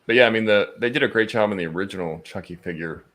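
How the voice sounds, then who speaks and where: Low-voiced easygoing podcast co-host man. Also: fast, fairly bright tone. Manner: easygoing, reads chat aloud, chuckles. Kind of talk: casual live-stream chat.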